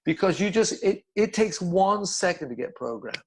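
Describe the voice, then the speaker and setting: A man's voice: sits high, lively intonation, moderate pace, slightly rough, low-quality recording. An older man, a yoga teacher, telling stories bluntly in a casual interview, swearing and repeating words.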